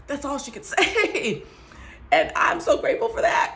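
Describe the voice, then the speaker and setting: A woman's voice: high-pitched, very animated, normal speed, gravelly, a bit bright, slight background noise. A woman giving an earnest faith-based talk, emphatic, dropping into whispers and laughing between phrases. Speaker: survivor sharing testimony.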